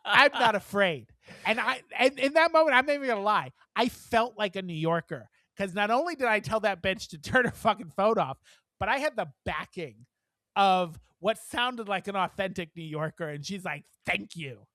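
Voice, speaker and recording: A man co-hosting a podcast, telling animated, profane stories in casual chat and acting out the people in them. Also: sits high, moderate pace, dry recording, studio quality. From moved to New York from elsewhere. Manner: animated, profane storytelling with acted quotes. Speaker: podcast co-host.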